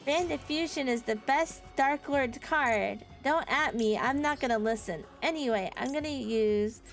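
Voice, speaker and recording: A woman with a high-pitched voice streams a card game live at a measured pace, soft background music playing. She chats casually with viewers, playful and sarcastic, laughing often.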